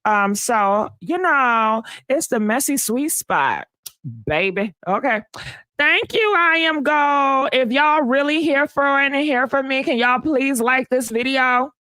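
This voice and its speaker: A woman hosting a live gossip stream, sassy and animated, chatting with viewers and answering comments. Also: high-pitched, slow, dry recording. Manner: sassy, animated, calls viewers honey and baby, laughs often. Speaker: host of a live gossip channel. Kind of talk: casual live-stream chat reading comments.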